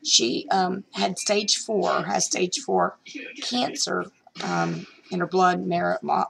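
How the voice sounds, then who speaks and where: Gravelly-voiced middle-aged woman vlogger. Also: fairly low pitch, big pitch swings, measured pace, crowd noise, poor audio. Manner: rambling, chatty, many fillers and restarts. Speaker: reselling vlogger. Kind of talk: casual storytelling vlog.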